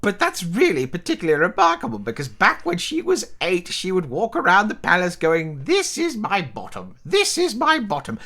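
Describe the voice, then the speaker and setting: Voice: mid-range voice, wildly swooping pitch, moderate pace, few pauses, pushed and bright, exaggerated voice. A player voicing a long-winded, doting elderly great-aunt who tells meandering family stories. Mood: rambling fond. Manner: rambling, meandering storytelling.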